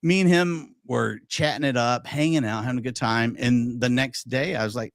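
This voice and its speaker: A man's voice: medium pitch, normal speed, gravelly, few pauses, dry recording, clean studio sound. A man hosting a podcast, chatting casually and telling anecdotes with lots of quoted dialogue. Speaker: podcast host. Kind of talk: casual chat storytelling.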